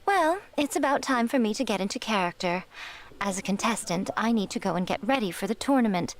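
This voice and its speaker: A woman voicing a sly, elegant fox-lady publisher in a video game, smooth and faintly teasing. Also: mid-range voice, expressive, brisk, natural voice. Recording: game audio with loud music.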